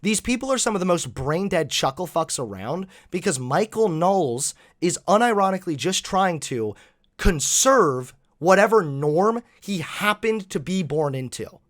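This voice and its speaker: Male host, reaction commentary, fairly high voice, mocking, profane, animated.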